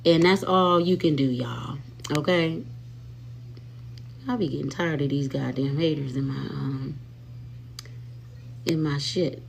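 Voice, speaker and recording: A woman hosting a casual live stream from home on her phone, talking sassily straight to her viewers and swinging between loud and soft. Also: lowish voice, gravelly.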